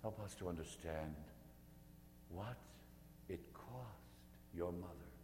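A man preaching a guided meditation sermon, telling the scene vividly, swelling to intensity and sinking to hushed whispers. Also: sits low, slow pace. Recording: echoey hall with faint hum.

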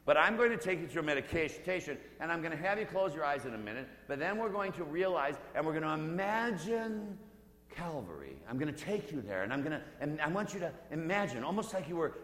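Brief: male preacher, earnest guided-meditation sermon, roomy echoing hall, faint hum. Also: mid-range voice. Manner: earnest, slows down and drops to a hush.

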